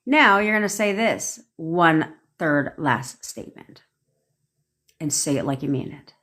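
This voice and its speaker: A woman's voice: low voice, lively intonation, measured pace, fairly bright tone. A woman manifestation coach on a livestream, talking in a blunt, profane, commanding way.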